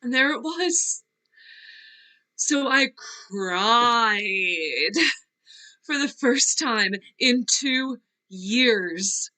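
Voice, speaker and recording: A tearful, restless young actress, as a woman reads her in a virtual read-through. Her bright, high-ish voice moves slowly and wavers, drifting off mid-thought. A wistful, fragile figure. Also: heavily acted, low-quality recording. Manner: wavering, laughing through tears, trailing off. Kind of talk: virtual play reading. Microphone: video call.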